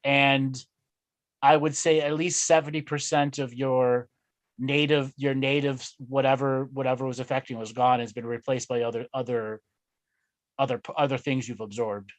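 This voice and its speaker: A man hosting a casual chat over a video call, agreeable and joking, sometimes stretching his words out slowly. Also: mid-range voice, little pitch movement, no echo. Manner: agreeable, joking, slow and drawn-out at times. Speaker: host.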